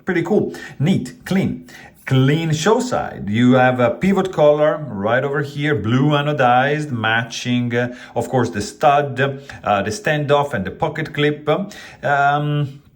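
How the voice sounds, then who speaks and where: A man's voice: medium pitch, slow. A man casually reviewing a pocketknife, rambling with many fillers and restarts while handling the knife as he talks.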